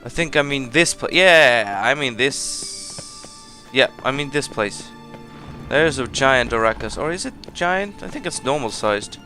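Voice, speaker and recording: A man's voice: medium pitch, animated, measured pace, sharp tone, faint music behind. A man giving casual let's play commentary as he plays, chatty and rambling, often laughing at himself. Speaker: gameplay commentator.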